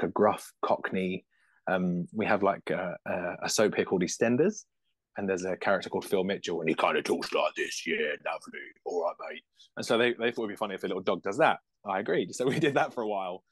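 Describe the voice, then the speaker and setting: A British man talking as a puppeteer guest in a casual interview. He is animated, laughs often and restarts his sentences quickly. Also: low-pitched, no echo. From United Kingdom.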